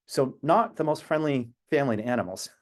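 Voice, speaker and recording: A man's voice: mid-range voice, animated, fairly quick. A man speaking as an activist on a video call, telling a personal story in an earnest, reflective way with long tangents. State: emotional at times.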